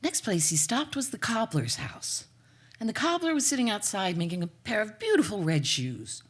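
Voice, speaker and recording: A woman's voice: medium pitch, very animated, moderate pace, breathy edge. A woman storyteller telling a folk tale live, dramatic, with playful asides to the audience.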